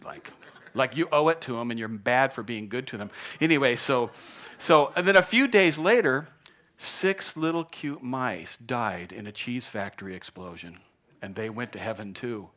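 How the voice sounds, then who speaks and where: A man preaching a sermon as pastor, animated and joking as he tells stories. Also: medium pitch.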